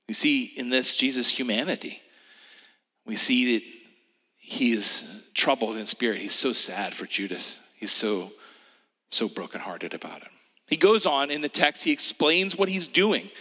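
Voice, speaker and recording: Man, gentle reflective preacher: bright tone, hushed delivery, lots of reverb. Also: medium pitch. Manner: gentle, hushed, drops to a whisper. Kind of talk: reflective sermon, guided meditation.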